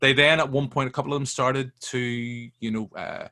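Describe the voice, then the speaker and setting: A man, telling stories as a guest in a casual film chat, animated and sweary. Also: medium pitch, moderate pace.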